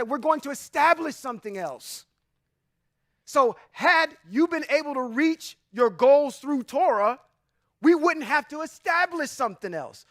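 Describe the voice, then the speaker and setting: High-voiced emphatic male bible teacher. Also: dry recording, studio quality. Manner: emphatic, preacherly, swings between loud and quiet asides. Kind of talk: sermon-style bible teaching.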